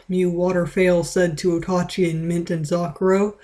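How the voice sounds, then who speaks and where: A woman's voice: on the low side, level tone, moderate pace, hardly any pauses, darkish tone. A woman reading a fan story aloud in a playful, dramatic way, with small stumbles. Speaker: reader. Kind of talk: read-aloud of fan fiction.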